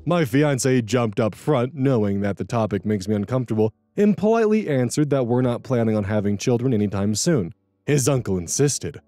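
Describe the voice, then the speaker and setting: A man reading online stories aloud in an animated, expressive way, adding wry comments of his own. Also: medium pitch, normal speed, dry recording, clean studio sound, faint music behind. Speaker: story narrator and commentator.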